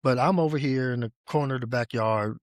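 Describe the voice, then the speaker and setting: A man's voice: mid-range voice, fairly quick, dry recording. Easygoing man, dry close recording. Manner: relaxed, repeats key phrases for emphasis. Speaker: podcast host. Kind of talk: casual conversation.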